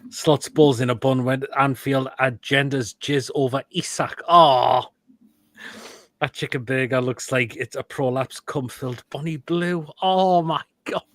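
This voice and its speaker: A man at a middle pitch, running a live football stream and judging food pictures. He talks in crude, blunt one-liners and breaks into loud outbursts now and then. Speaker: host of a live football show. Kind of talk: live-stream chat reacting to food pictures and reading comments.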